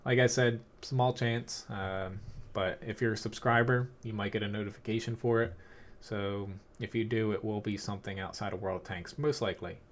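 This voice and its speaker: A man with a Philadelphia accent, chatting casually while streaming a tank game, rambling with lots of fillers and quick laughs. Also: lowish voice, steady tone, slight background noise. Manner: rambling, filler-heavy, laughs between thoughts. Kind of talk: casual live-stream commentary.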